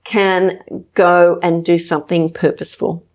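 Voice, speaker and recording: A woman hosting an interview, speaking in a measured way with frequent fillers. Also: on the low side, flat delivery, darkish tone. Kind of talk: conversational interview.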